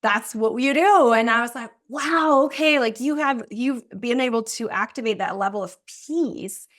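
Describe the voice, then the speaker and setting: A woman hosts a podcast and answers her guest with eager, exclamatory reactions. Her voice sits somewhat high, and she talks in a casual, chatty way. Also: normal speed, fairly bright tone. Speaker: podcast host. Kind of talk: casual conversational interview.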